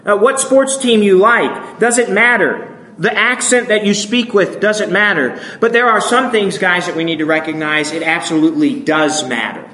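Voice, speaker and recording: A man's voice: high-pitched, moderate pace, hardly any pauses, reverberant, poor audio. A man with a northern American accent preaching a sermon in a conversational way, often checking in with "right?". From northern United States. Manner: conversational, asks "right?" often, animated emphasis.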